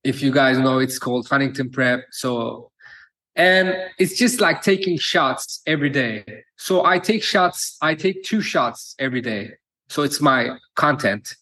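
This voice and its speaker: A man's voice: mid-range voice, unhurried, pushed and bright, rough recording. A man with a Turkish accent, a personal trainer talking as a guest in a casual interview, speaking plainly and earnestly. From Turkey. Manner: plain, repetitive phrasing, earnest.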